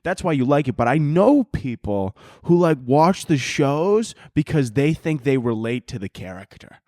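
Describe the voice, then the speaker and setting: A man's voice: a little high, big pitch swings, moderate pace, darkish tone, dry recording, clean studio sound. A man of twenty hosting a podcast, rambling through a crude, comedic monologue with lots of swearing and frequent laughter. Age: 20s. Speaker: podcast host.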